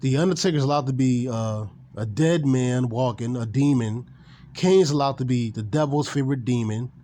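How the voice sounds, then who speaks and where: A man's voice: medium pitch, normal speed, mellow, a little hiss or hum. A man ranting casually and with animation about wrestling, swearing and repeating himself. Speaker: gaming and wrestling commentator. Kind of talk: casual opinion rant.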